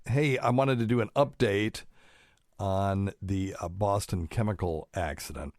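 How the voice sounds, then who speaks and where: Middle-aged male podcast host, very low voice, dry close mic, rambling and pedantic. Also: unhurried, a little mellow, no room sound. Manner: rambling, pedantic, many fillers. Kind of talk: casual solo podcast talk.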